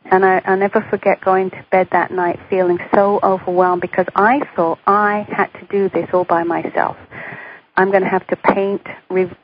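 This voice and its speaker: A middle-aged woman guest in an interview tells a personal story with animation, acting out the voices she quotes. She speaks at medium pitch and normal speed on a dull radio recording with faint hiss.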